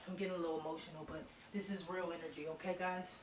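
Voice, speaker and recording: A female psychic speaks very fast with few pauses, in a lowish, level voice, giving a blunt, emphatic, repetitive channeled tarot-style reading to viewers. The distant mic gives a roomy echo and faint hiss.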